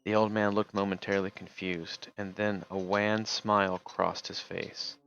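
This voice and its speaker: A man's voice: low voice, little pitch movement, measured pace, gravelly, few pauses, fairly bright tone, muffled recording, slight background noise. A man streaming, reading a text game aloud and casually remarking between passages. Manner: casual, reads narration then remarks.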